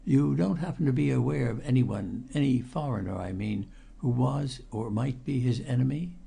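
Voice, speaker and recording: A man reading the part of a suspicious, blunt police detective with a Highland accent in an audiobook. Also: normal speed, gravelly, dark tone. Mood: probing. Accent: Scottish Highland. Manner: probing, blunt questioning. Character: big fair-haired Scottish police detective, suspicious.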